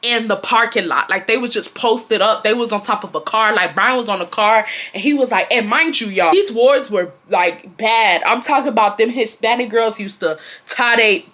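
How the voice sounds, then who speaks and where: A young adult woman telling a personal storytime in a casual, slangy and animated way, talking straight to her viewers. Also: a little high, moderate pace, few pauses. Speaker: storytime vlogger.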